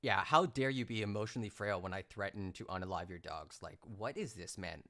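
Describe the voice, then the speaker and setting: A man's voice: lowish voice, a little fast, a bit bright. Sarcastic male streamer. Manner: incredulous, sarcastic. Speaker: streamer reacting to a clip. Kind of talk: casual live-stream commentary.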